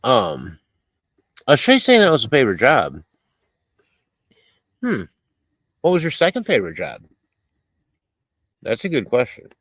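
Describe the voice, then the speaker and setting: Lively, rambling male stream host. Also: fairly high pitch, measured pace, creaky, long pauses, no echo. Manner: rambling and self-mocking, with frequent laughs and fillers. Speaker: livestream host. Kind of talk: casual chat, reading out viewer comments.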